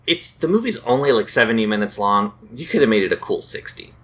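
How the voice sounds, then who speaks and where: A man co-hosting a casual podcast, joking wryly about a movie and tripping over words when excited. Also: medium pitch, fast. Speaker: podcast co-host. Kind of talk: casual movie recap chat.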